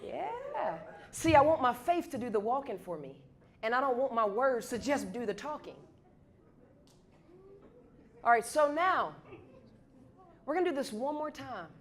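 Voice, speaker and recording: A woman gives a motivational talk at a university event, leading the audience in a repeated chant and building up to shouts. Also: sits high, big pitch swings, unhurried, pauses often. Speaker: guest speaker.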